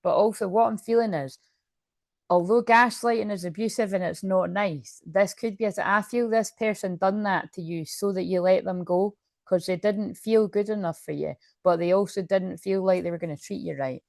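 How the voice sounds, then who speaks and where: A woman's voice: mid-range voice, fairly even intonation, normal speed, creaky, darkish tone, no echo, studio quality. A woman doing a casual tarot card reading to camera, chatty and rambling, often interrupting herself with asides.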